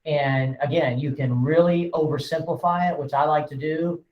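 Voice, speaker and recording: A man's voice: on the high side, steady tone, normal speed, muffled recording. A man, a real estate broker, casually training agents in a folksy, joking way. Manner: folksy, joking, acts out quotes. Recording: echoey room, voice off-mic.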